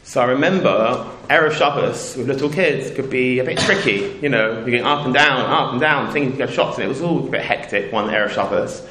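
A man's voice: medium pitch, fairly quick, few pauses, background noise. Rambling man telling a story in a roomy space. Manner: rambling, self-interrupting, acts out quoted voices. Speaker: storyteller speaking to a community audience. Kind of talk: casual anecdotal talk with a moral. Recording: roomy echo.

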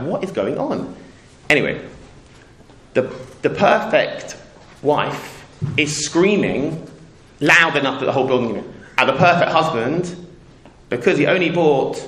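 This storyteller, a middle-aged English man, has a medium-pitched, fairly bright voice. Addressing a community audience, he shares a loose anecdote with a lesson, drifting off track, breaking off mid-thought, and voicing the characters he quotes in an echoey room.

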